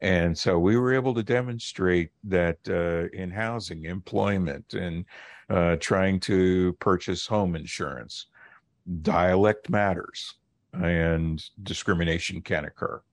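A middle-aged man, a linguist and professor, explaining his research as a guest on a radio interview in a measured way. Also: deep voice, no echo. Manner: measured, explanatory, with occasional fillers.

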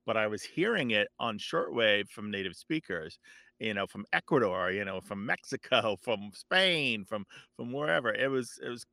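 A man's voice: on the low side, animated, moderate pace, gravelly, pushed and bright, no room sound. A man, a language expert guest on a radio call-in show, explaining animatedly with frequent restarts.

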